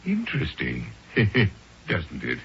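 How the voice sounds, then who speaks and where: An actor playing a genial, absent-minded older gentleman in a radio drama, fussy and hesitant, on a dull old broadcast with hiss. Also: very deep voice, wildly swooping pitch, slow pace, vocal fry, heavily acted. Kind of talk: 1970s radio drama acting.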